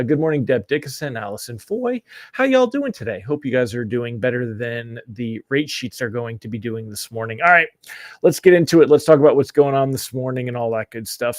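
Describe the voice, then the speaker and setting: A man's voice: medium pitch, no echo, clean studio sound. A man hosting a daily live-streamed mortgage rate update, chatty and upbeat, greeting viewers by name, slightly stuffy from allergies.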